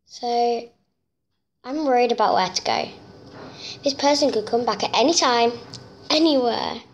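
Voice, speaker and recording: A young woman giving chatty, excitable gameplay commentary, nervous and talkative, recorded on a phone. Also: a little high, unhurried, a little hiss or hum. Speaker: gamer. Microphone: phone screen-recorder mic.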